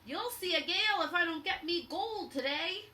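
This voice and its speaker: Woman voicing a greedy pirate captain, gruff, shouting, high and bright, storybook reading. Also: big pitch swings, slow pace, a little hiss or hum, heavily acted. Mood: gruff, bossy.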